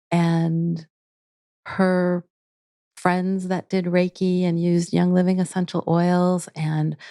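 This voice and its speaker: Earnest, mellow-voiced woman guest. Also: lowish voice, no echo, studio quality. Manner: earnest, with frequent restarts. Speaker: guest, integrative therapy teacher. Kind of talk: casual interview talk.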